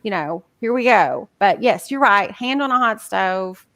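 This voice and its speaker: A woman's voice: medium pitch, expressive, a little slow, a bit bright, no echo. A woman talking casually on a podcast as a guest coach, chatty and full of filler words. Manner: chatty, many "like" fillers, acts out inner voices.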